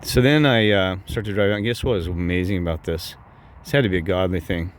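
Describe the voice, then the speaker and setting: A gruff, low-voiced man, a vlogger, tells his viewers a personal story in fast, rambling, angry fashion. He is heated and cursing, keeps saying "I said," and his voice jumps higher whenever he quotes himself.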